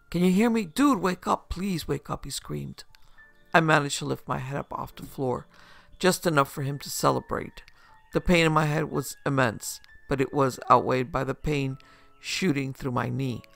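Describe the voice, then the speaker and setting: A man narrating a first-person horror story in a steady, scripted telling. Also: mid-range voice, moderate pace, vocal fry, soft background music.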